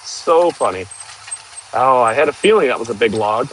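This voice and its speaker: A man's voice: mid-range voice, expressive, moderate pace, a bit bright, a little hiss or hum, poor audio. A man, rambling and laughing as he chats to a live-stream audience while working outdoors. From northern Michigan, USA. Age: 30s. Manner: rambling, chatty, laughs often. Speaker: livestream host. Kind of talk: casual live-stream chat.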